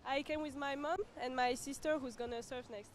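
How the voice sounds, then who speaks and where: A woman's voice: sits high, fairly even intonation, a little fast. A French woman surfer with a French accent, answering a beach interview cheerfully. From France. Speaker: pro surfer. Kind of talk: post-heat beach interview.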